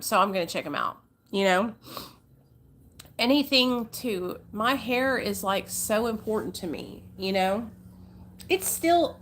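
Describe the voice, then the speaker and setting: A woman's voice: medium pitch, a bit bright, slight background noise. A young woman with an Arkansas country accent, chatting casually with viewers on a livestream, folksy and talkative. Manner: chatty, folksy, calls viewers honey and y'all. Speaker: livestream host.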